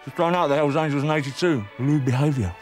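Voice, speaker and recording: A man's voice: fairly high pitch, fast talker, darkish tone, soft background music, close to an everyday voice. An actor playing a cheerful, easygoing Englishman who speaks plainly.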